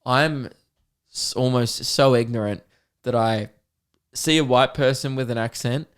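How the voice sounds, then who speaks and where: A man's voice: mid-range voice, a little slow, smooth. Young Australian man, podcast host, casual storytelling, frequent laughs. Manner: rambling, laughs often, quotes people in put-on voices. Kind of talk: casual chat.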